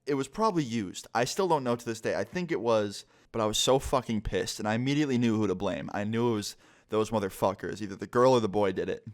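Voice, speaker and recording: A man's voice: lowish voice, fast. Casual young man telling a story. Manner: casual, profane, rambling. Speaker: vlogger.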